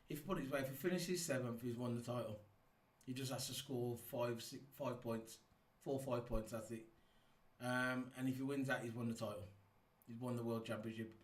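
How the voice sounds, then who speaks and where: Excitable man rambling in an echoey room. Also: medium pitch, recorded from a distance. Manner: rambling, excitable, many ums and restarts. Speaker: F1 YouTube reviewer. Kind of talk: casual race review monologue. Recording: echoey room, set back from the mic.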